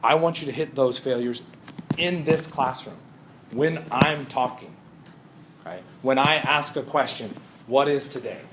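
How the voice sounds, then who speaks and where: A man's voice: mid-range voice, measured pace, noisy background. Man lecturing a class casually. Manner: conversational, often asks "Right?". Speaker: chemistry teacher.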